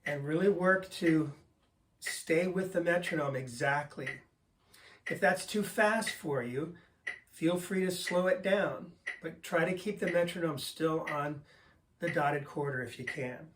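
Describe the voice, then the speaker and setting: A man's voice: fairly high pitch, unhurried. Older man teaching drums, counting beats. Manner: patient, counts beats aloud, steady teaching tone. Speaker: drum teacher. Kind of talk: instructional explanation. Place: drum studio. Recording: voice a bit far from the mic, faint noise.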